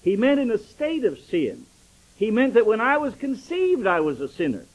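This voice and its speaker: Animated older male preacher, husky voice. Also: high voice, moderate pace, poor audio. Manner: animated storytelling preacher, acting out dialogue. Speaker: pastor. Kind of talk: sermon.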